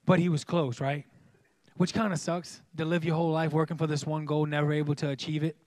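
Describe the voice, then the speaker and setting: A man preaching a sermon in church in a lively, joking way, with sudden loud exclamations. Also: on the high side, brisk, no room sound, clean studio sound. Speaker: pastor.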